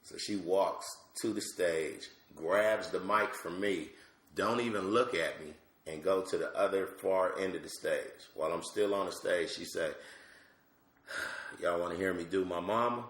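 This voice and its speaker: A middle-aged male comedian telling animated, slangy stories as a podcast guest. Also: low-pitched, measured pace. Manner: animated, slangy, lots of asides. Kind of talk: comic storytelling on a podcast. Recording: roomy echo.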